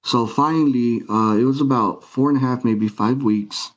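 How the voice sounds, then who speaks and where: A man's voice: medium pitch, moderate pace, muffled recording. A man telling his personal story as an interview guest, earnest and emotional, acting out dialogue.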